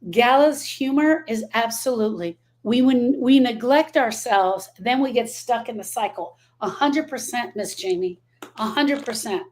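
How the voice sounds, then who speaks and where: A woman's voice: a little high, unhurried, a little mellow, a little hiss or hum. A middle-aged woman hosting a live stream as a grief coach, speaking emphatically, repeating her key phrases and answering viewer comments.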